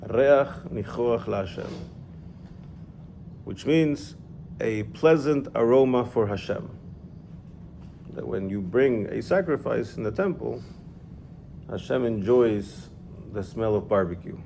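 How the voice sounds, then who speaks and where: A man's voice: mid-range voice, animated, measured pace, vocal fry, long pauses, mellow, a little hiss or hum. A man teaching an informal religious class, explaining step by step and checking in with his student.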